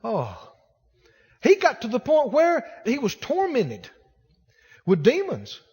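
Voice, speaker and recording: High-voiced man preaching emphatically. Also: huge pitch swings, slow pace, darkish tone, slightly rough. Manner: emphatic, repetitive preaching exhortation; addresses the congregation directly. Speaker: pastor. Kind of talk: sermon. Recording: long hall reverb.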